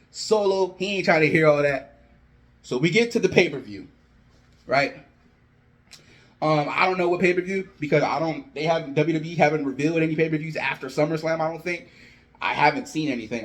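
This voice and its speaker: A man telling a wrestling storyline in a casual, animated way and acting out the wrestlers' lines. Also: on the high side. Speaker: wrestling booking commentator. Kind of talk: casual fantasy booking rant.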